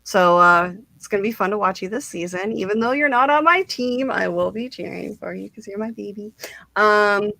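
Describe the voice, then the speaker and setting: A woman's voice: mid-range voice, normal speed, vocal fry, pushed and bright, no room sound. Woman, streaming host, bubbly storyteller, giggles a lot, dead-dry room. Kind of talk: casual interview chat.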